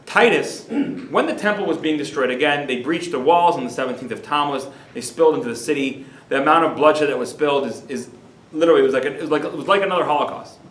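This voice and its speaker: A man's voice: fairly high pitch, fast talker, fairly bright tone. A man, a rabbi, delivering a dramatic storytelling lecture in a lecture hall. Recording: roomy hall echo.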